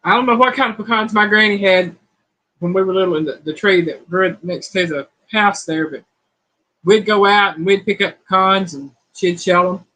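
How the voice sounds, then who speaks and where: A woman's voice: medium pitch, normal speed, fairly bright tone, rough recording. A middle-aged woman, hosting a casual live-stream chat and reading quiz questions in a folksy, playful way. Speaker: host of a cooking channel's live chat.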